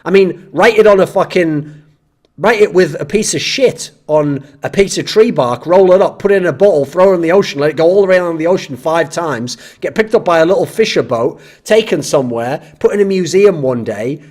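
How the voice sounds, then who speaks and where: Male commentator, sarcastic rant, swearing, fairly high voice, animated delivery. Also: fairly quick. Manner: sarcastic, exasperated, swears freely. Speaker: esports commentator and channel host. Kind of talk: ranting commentary on viewer comments.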